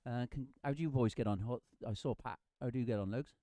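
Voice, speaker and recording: A man, a surfer dropping into the booth, chatting loudly and cheerily. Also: medium pitch, fast, no echo. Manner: loud, cheery greetings and banter. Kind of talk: casual chat.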